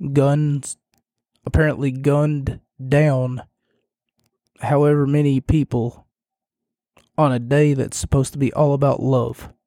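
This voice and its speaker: A man hosting a casual solo podcast, talking in a monotone while losing his voice and sounding hoarse. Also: medium pitch, no room sound, clean studio sound. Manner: monotone delivery. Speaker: podcast host.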